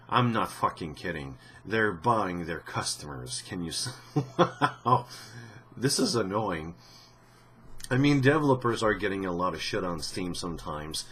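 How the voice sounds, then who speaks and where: A man's voice: deep voice, expressive, measured pace, sharp tone, a little hiss or hum. A man giving casual commentary on gaming news for his channel, talking in a rambling, blunt way with many restarts and the odd swear word.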